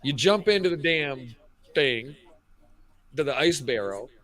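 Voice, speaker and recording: Man, fifties, lively pitch, crude storyteller, cheap headset mic, casual chat. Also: unhurried. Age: 50s. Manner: animated storytelling, crude jokes. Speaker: radio show co-host.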